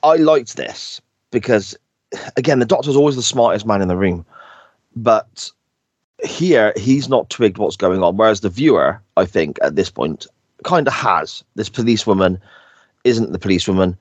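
A man's voice: on the low side, expressive, moderate pace, husky, no room sound. A man co-hosting a podcast, chatting casually and laughing as he retells episode scenes with quoted lines. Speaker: podcast co-host. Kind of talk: casual chat recapping an episode.

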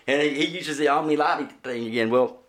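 Swearing and laughing as he goes, this guest musician from Oklahoma spins casual anecdotes. His voice has a fairly high pitch, a slightly quick pace and a fairly bright tone, heard in a roomy, echoing space with faint background noise.

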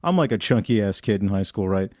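A young man on a podcast tells a story in loose casual chat, swearing freely and putting on voices for the people in it. His pitch swings widely. The sound is dry and close to the mic. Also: expressive, fast, darkish tone, no room sound. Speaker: podcast co-host.

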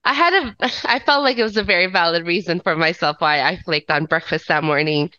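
A woman's voice: lowish voice, brisk, pushed and bright, no echo. A woman co-hosting a podcast, chatting casually and poking fun at herself. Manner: chatty, self-mocking, laughs often. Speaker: podcast co-host. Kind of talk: casual chat. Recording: slightly dull, dry podcast audio.

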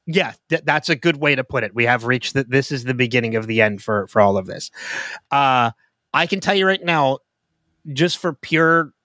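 A man co-hosting a podcast, talking through a TV episode in casual chat, openly emotional and quick to restart his sentences. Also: mid-range voice, pushed and bright, dry recording. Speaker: podcast co-host. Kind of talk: casual TV show discussion.

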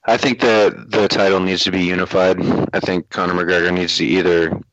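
A man with a very deep voice gives plain, measured opinions on a sports panel. He sounds dry and a bit muffled. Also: little pitch movement, fairly bright tone, no echo. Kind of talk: casual sports talk.

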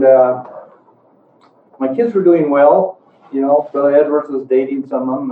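A man's voice: mid-range voice, a little hiss or hum. Older man, folksy storyteller, distant tinny mic in an echoey hall. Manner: folksy, rambling, with chuckles. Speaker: speaker giving a talk. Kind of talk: storytelling to an audience.

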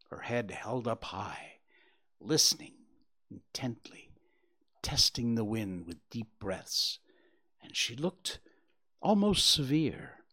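A man reading a children's story aloud with expressive, gentle narration. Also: lowish voice, husky.

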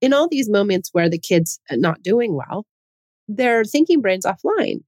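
A woman's voice: medium pitch, very animated, unhurried, darkish tone, no echo. A woman hosting a parenting talk, earnest and full of rhetorical questions, often restarting her sentences. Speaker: parenting podcast host. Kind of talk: casual advice talk.

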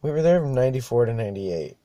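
A man's voice: mid-range voice, very animated, quick pace, warm tone, dry recording, clean studio sound. A young man hosting a show alone, rambling casually, swearing often and laughing at himself. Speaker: podcast host. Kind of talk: casual monologue.

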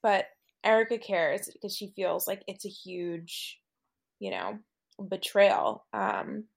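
A woman's voice: mid-range voice, slow pace, creaky. Giggly woman co-hosting a chatty podcast. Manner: giggly, many "like" fillers. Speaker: podcast co-host. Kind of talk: casual chat among friends.

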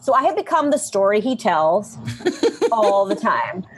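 A woman, a comedian guest and mother, telling a story in casual, animated comedic chat. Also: mid-range voice, unhurried, a little hiss or hum. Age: adult with young children. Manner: animated, acts out people in her stories.

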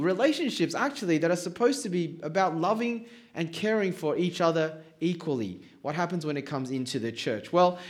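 A man preaching a sermon to his congregation in a relaxed, conversational way, joking and putting questions to the room. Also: on the high side. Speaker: pastor.

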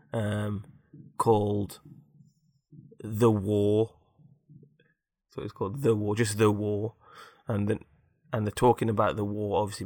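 A man's voice: on the low side, dry recording, studio quality. A man casually improvising a story, rambling with fillers and tag questions.

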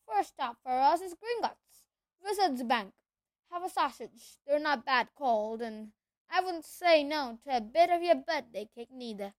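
A woman doing Hagrid, a loud hearty giant. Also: sits high, lively intonation, measured pace, no echo. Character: huge friendly bearded giant man, gruff. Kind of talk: audiobook character voice.

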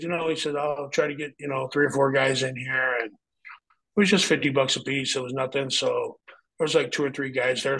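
A man's voice: mid-range voice, a bit bright, poor audio. A middle-aged man, a former pro wrestler, telling a story as an interview guest in a blunt, heavily profane way.

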